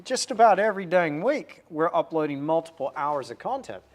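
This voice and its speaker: A man's voice: a little high, expressive, moderate pace. A man in his forties hosting a livestream, painting while chatting upbeat and answering viewer comments.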